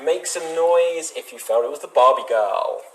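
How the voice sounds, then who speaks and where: A man hosts an online improv show in a brisk way, laughing often. His voice is high, and the video call carries noise. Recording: noisy video call audio.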